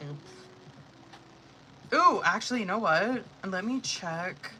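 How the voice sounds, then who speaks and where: A man's voice: high-pitched, lively intonation, slow pace, sharp tone, a little hiss or hum. A man doing a casual, profane, chatty live tarot stream on his phone, laughing often. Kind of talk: casual livestream chat.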